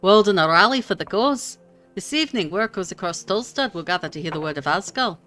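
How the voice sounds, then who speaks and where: A woman voicing a gruff, bitter male dwarf agitator in a put-on accent. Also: mid-range voice, expressive, brisk, a bit bright, faint music behind, natural voice. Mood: rousing.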